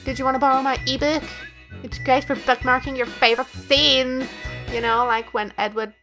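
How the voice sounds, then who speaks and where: A woman reading out a nerdy young fan girl who gushes eagerly about her favorite saga. The voice sits a little high, and soft music plays quietly underneath. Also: steady tone, normal speed, poor audio. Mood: gushing. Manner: eager, gushing. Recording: faint music behind.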